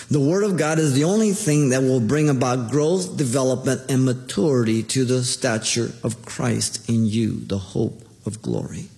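A man's voice: mid-range voice, mellow. Man preaching in an echoing hall. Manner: preaching with emphatic, rising exhortations. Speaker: pastor. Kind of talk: sermon. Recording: long hall reverb.

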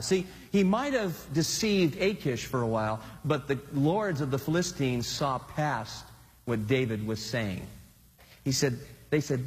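Animated male preacher in a reverberant hall. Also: sits high, moderate pace. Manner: animated, conversational preaching with dramatic swings. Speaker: pastor. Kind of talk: sermon.

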